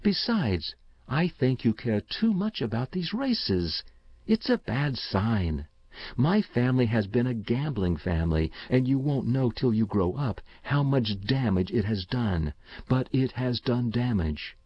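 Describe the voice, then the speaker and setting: A man's voice: medium pitch, sing-song, unhurried, no room sound, lo-fi sound. A man voicing an anxious, weary mother who coaxes and pleads with her son. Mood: coaxing. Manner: anxious, coaxing.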